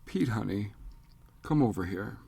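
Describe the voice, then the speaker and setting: Man voicing a soft, tender comforting woman. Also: on the low side, expressive, a little slow, vocal fry, slightly rough, no echo, exaggerated voice. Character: gentle grieving woman, comforting a child.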